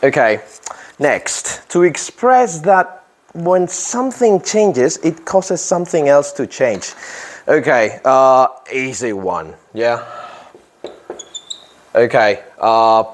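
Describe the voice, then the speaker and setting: Man, english teacher, slow deliberate delivery, mid-range voice, repeats key phrases, classroom lesson. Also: mid-range voice, expressive, slight background noise. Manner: repeats phrases, checks with "yeah?".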